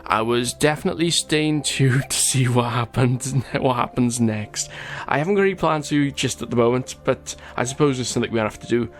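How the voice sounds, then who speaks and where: A man's voice: medium pitch, fairly quick, soft background music. A man hosting a gaming channel, chatting casually over gameplay as he reads out viewer comments, often stumbling over names and laughing.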